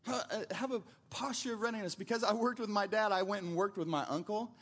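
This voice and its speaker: High-voiced conversational pastor preaching. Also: male voice, fast, fairly bright tone. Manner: conversational storytelling with frequent restarts. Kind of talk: sermon.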